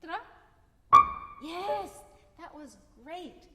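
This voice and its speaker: A woman's voice: extremely high pitch, expressive, very slow. A woman teaching a piano masterclass, encouraging and singing phrases to demonstrate. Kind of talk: masterclass coaching. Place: concert hall with piano. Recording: echoey hall with piano playing.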